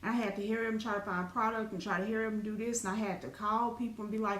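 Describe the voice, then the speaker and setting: A middle-aged woman, a spiritual teacher, telling a raw personal story in an animated, profane, dramatic way. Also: medium pitch, quick pace, hardly any pauses. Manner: animated, profane, dramatic retelling with colloquial speech. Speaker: spiritual teacher and business owner. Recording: echoey room with faint ambient noise.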